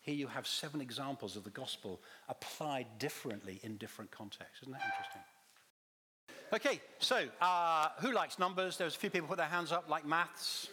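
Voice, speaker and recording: A man's voice: a little high, a little fast, background noise. A man giving a teaching talk to a congregation, quizzing the listeners and restarting his phrases as he goes. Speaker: visiting Bible teacher.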